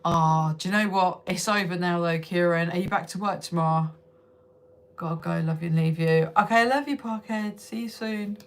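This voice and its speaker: A woman's voice: fairly low pitch, normal speed. A young woman hosting a casual live stream from home on her phone, chatting with viewers, laughing often and swearing freely. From United Kingdom. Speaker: livestream host.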